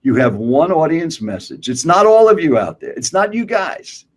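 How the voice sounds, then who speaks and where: A man's voice: fairly high pitch, very animated, moderate pace. Emphatic older man coaching speakers. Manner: emphatic, rhetorical questions, addresses listener directly. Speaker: guest speaker.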